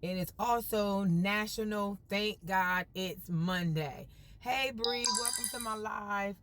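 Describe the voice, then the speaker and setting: A woman's voice: mid-range voice, slow, fairly bright tone, soft background music. A woman live-streaming from a car on her phone, chatting casually with her viewers in a folksy, upbeat way. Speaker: vlogger.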